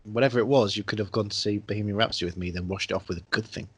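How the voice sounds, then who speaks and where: A man's voice: on the low side, rapid-fire, slightly rough, dry recording. Guy gushing about films on a podcast, jokey, dry close sound. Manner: enthusiastic, jokey, drifts into tangents. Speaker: podcast co-host. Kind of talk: casual film chat.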